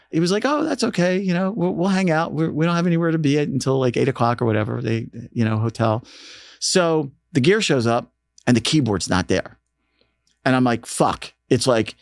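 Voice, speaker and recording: Animated male storyteller, dry studio. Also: medium pitch, no room sound. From United States. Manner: animated storyteller, acts out quoted voices. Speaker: radio programming manager, interview guest. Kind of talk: casual storytelling interview.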